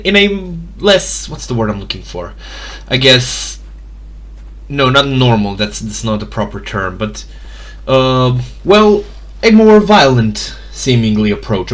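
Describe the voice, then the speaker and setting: A man narrating a tabletop game as game master, hesitant and full of fillers and restarts. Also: medium pitch.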